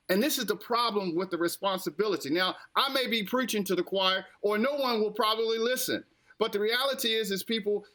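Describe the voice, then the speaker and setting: An American man hosts a casual political podcast in a high, bright voice. He repeats himself and lectures the audience directly, like a man giving a sermon. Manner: preachy, repetitive, addresses listeners directly. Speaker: podcast host.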